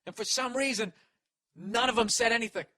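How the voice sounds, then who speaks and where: Forties guy ranting and swearing on his podcast, bright punchy voice, dry close sound. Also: extremely high pitch, a little fast, no echo. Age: 40s. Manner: loud profane storytelling rant. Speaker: podcast host. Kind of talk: ranting comic monologue.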